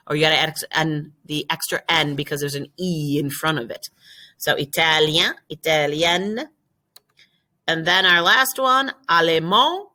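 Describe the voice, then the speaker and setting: A woman teaching a recorded French lesson, drawing out model words slowly and explaining quickly in between. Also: sits low, sharp tone. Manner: slow, drawn-out French model words, quick asides in English.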